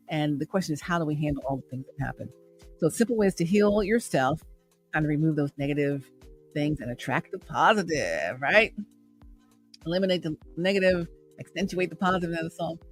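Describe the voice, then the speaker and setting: A woman hosting a motivational livestream from her home, speaking in an upbeat, repetitive, preachy way. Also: low voice. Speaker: host and radio traffic reporter. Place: home room in the evening.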